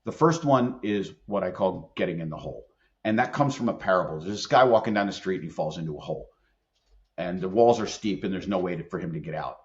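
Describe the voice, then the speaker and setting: Man, middle-aged, low voice, podcast guest, emphatic storyteller, dull lo-fi audio. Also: expressive, quick pace. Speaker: employment attorney and leadership expert guest. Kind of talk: conversational podcast interview.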